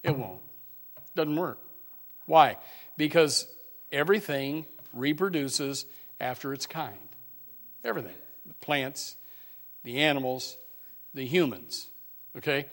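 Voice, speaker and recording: A man with a fairly high voice preaches in a church as its pastor, slow and folksy, cracking jokes. He pauses often, leans on fillers and restarts, and shifts between quiet asides and loud, emphatic preaching.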